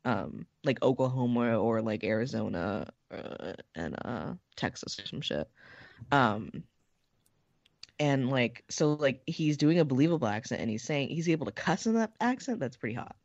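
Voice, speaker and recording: A woman's voice: rumbling low, lively intonation, normal speed, a little mellow, no echo, lo-fi sound. A woman co-hosting a podcast in casual chat, rambling with lots of fillers and casual swearing. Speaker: podcast co-host.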